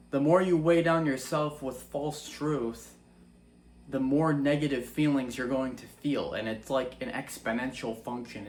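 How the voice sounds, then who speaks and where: A man's voice: medium pitch, darkish tone, a little hiss or hum. A young man giving an earnest, casual faith-based monologue that is full of rhetorical questions. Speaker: Christian vlogger.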